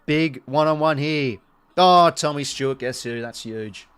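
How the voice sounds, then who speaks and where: Excitable Australian man calling footy live. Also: a little high, measured pace, clear, resonant tone. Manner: excitable play-by-play, chatty asides to viewers. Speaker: live stream commentator. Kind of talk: casual live watch-along commentary.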